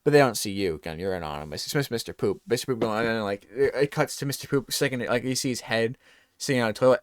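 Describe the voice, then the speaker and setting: A talk show host tells a rambling comedic bit, animatedly acting out scenes. He's a fast talker with a mid-range voice, recorded in clean studio sound with no echo.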